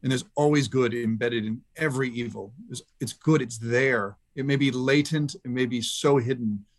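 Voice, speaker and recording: Reflective and earnest, a middle-aged podcast guest recounts a personal story, stopping and restarting haltingly. He speaks at a medium pitch.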